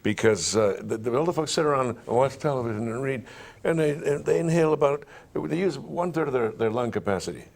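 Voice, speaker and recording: A man's voice: medium pitch, fast, creaky, hardly any pauses. A man being interviewed, telling stories animatedly and walking the listener through breathing and voice exercises. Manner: animated storyteller who demonstrates vocal exercises aloud. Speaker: interview guest, stage performer. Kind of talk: conversational interview.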